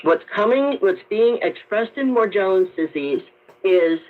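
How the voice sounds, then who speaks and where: A woman doctor, a guest on a radio call-in show, who explains her points in a measured way. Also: mid-range voice, lively intonation. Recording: tinny narrow-band radio broadcast.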